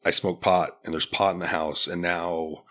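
A man's voice: low-pitched, little pitch movement, moderate pace, fairly bright tone. A man in his forties, a podcast guest, telling a personal story in a candid, blunt and profane way, with many restarts. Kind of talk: casual storytelling.

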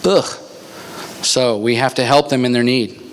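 A man preaching a sermon, telling a story with lively energy and laughing at his own jokes before reading scripture. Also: medium pitch, normal speed, slight background noise. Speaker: pastor.

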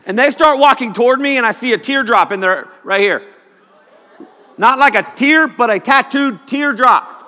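High bright-voiced male preacher. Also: moderate pace. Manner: animated storytelling, shouts quoted lines. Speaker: pastor. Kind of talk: sermon with personal story. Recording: long hall reverb.

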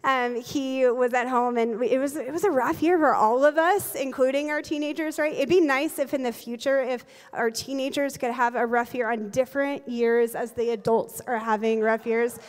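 A woman in her forties, a pastor, preaching a sermon with lively, humorous storytelling and quick laughs. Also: sits high. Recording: long reverb of a large hall.

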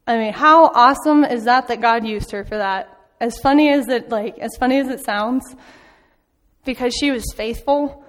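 Woman, informal church talk, conversational storyteller, higher voice, reverberant sanctuary. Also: a little slow, pauses often. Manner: chatty storytelling with frequent ums and laughs. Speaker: church speaker back from a mission trip. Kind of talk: informal sermon. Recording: long hall reverb.

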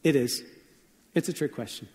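A man's voice: medium pitch, normal speed, a little mellow, in a large hall. A man preaching a sermon as pastor, telling stories in a conversational way with frequent shifts of pace.

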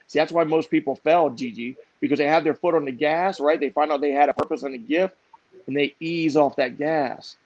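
A man's voice: on the high side, normal speed, a little mellow, no echo. A middle-aged man, a motivational speaker and author, telling stories in an emphatic, repetitive, preachy way. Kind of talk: motivational storytelling interview. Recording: dull muffled dry audio.

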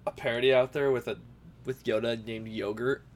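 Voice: medium pitch, fairly even intonation, fairly quick. Laid-back young adult, teasing co-host. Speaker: podcast co-host. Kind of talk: casual chat. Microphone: home computer microphone, remote call.

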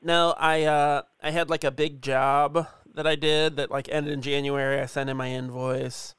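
Easygoing guy chatting, smooth clear voice, bit high, dry sound. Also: flat delivery, a bit bright, dry recording. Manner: easygoing, quick to laugh, chatty. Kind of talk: casual chat.

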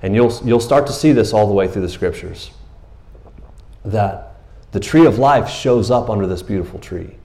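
Casual pastor preaching in church, man with a lowish voice, jokey and loose. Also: animated, normal speed, darkish tone. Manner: casual and joking, acts out Bible figures in raised voices. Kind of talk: sermon.

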